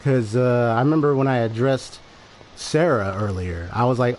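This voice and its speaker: A man's voice: medium pitch, normal speed, darkish tone. A man livestreaming a game, talking casually to his chat in a rambling, repetitive way as he explains himself. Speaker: game streamer. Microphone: desk microphone.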